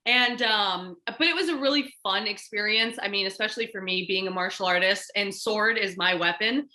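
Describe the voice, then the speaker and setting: A woman's voice: medium pitch, moderate pace. A woman, a stunt performer and martial artist, telling stories as an interview guest and acting out the lines of the people in them. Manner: animated, acts out quoted dialogue. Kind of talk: casual interview storytelling.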